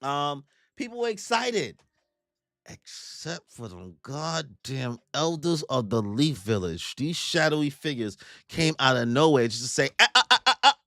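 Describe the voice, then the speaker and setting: A man's voice: mid-range voice, unhurried, no echo, studio quality. A young man doing live reaction commentary on a manga chapter, joking and slangy, acting out the characters as he goes. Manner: joking, animated, slangy, acts out characters in put-on voices.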